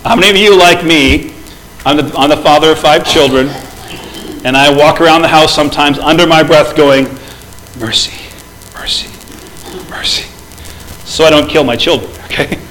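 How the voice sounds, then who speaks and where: A middle-aged pastor preaching a sermon in church, conversational and often asking the congregation questions. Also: male voice, on the high side, steady tone, brisk, a bit bright, low-quality recording. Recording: faint background noise.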